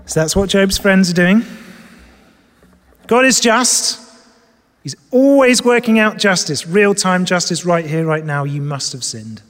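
A man preaching a sermon, swinging between loud emphatic lines and soft, low asides. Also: measured pace, long reverb tail. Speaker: pastor. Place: church hall with screens.

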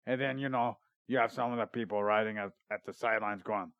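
Man, podcast host, gravelly, dry close sound, rambling and jokey. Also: medium pitch, level tone, fast talker, few pauses, dry recording, dull audio. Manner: rambling, jokey, reads research notes aloud. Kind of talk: casual comedy podcast chat.

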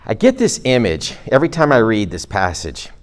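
Male preacher, middle-aged, lowish voice, casual sermon delivery with joking asides. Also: wildly swooping pitch, a little fast. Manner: conversational, self-deprecating asides and jokes; speaks to a live congregation.

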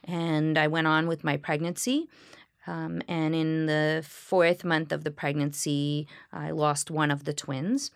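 A woman, a Reformed Jewish clergy member, speaking in a reflective interview with a smile in her voice and earnest, halting storytelling. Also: sits low, flat delivery, vocal fry, clear, resonant tone, no echo, clean studio sound. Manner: smiling, earnest storytelling with frequent pauses and restarts. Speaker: Reformed Jewish clergy leading healing services.

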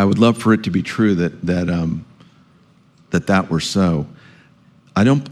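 Deep-voiced man answering audience questions. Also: darkish tone. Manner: measured, repeats words while thinking. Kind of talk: public lecture Q&A.

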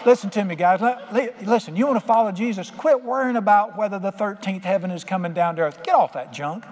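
A fast-talking older man with a high-sitting voice preaches a sermon as pastor in a church sanctuary. He keeps it folksy and conversational, voicing quotes in plain tones, and the hall sounds reverberant with faint ambience.

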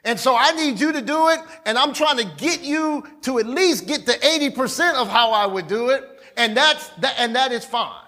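High-voiced man preaching a sermon. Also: moderate pace, sharp tone. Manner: conversational, repetitive, calls on the congregation. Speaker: pastor. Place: church.

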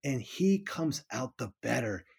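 A man's voice: medium pitch, sing-song, measured pace, creaky, husky. A middle-aged man, a politics professor, talking through ideas in an interview, often restarting and repeating words as he thinks. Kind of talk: academic interview conversation.

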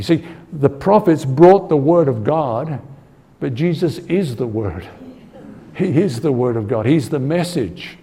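A man's voice: mid-range voice, animated, a little slow, dark tone. A man teaching a conversational Bible-study sermon. He talks earnestly, asks his listeners for agreement and repeats words as he thinks. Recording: long hall reverb.

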